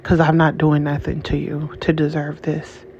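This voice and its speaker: A woman's voice: low voice, monotone, moderate pace, darkish tone. A woman talking straight to her audience in an angry, emotional monologue, often stopping and restarting her sentences. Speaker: channel host. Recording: dull lo-fi audio with faint hiss.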